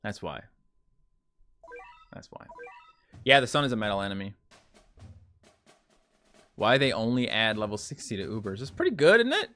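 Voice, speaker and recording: A man's voice: lowish voice, sing-song, a little fast, long pauses, bright, forceful tone, soft background music. A young man live-streaming a mobile game, chatting loosely and answering viewer comments as he plays. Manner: coaxing the game on, repeating short phrases.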